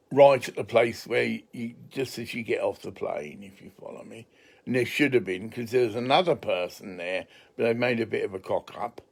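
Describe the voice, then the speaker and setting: A man's voice: medium pitch, gravelly. An English man talking in a casual, rambling monologue, chatty and digressive, swearing freely.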